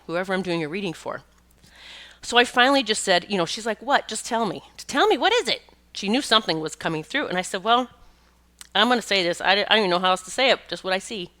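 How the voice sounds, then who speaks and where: Here a pet communicator who hosts a podcast talks in a bright, pushed, mid-range voice. The middle-aged woman meanders chattily through her stories, starting over often and breaking into the occasional laugh.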